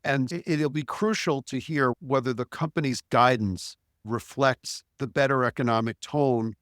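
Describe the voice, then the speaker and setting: A man's voice: mid-range voice, steady tone, normal speed, fairly bright tone, no echo, clean studio sound. A man speaking as a market strategist on a podcast, blunt and wry, with frequent restarts. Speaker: chief strategist.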